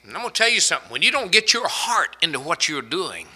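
A male preacher with a very bright, ringing voice, pitched a little high for a man. He swings from loud, emphatic peaks to hushed low phrases, and he stretches out quoted scripture slowly for weight. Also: sing-song, slightly rough. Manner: quotes scripture in slow, drawn-out delivery. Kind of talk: sermon.

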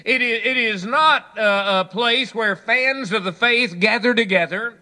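A man preaching a sermon, telling folksy stories and quoting scripture, dropping low for quiet asides. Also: measured pace. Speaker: pastor.

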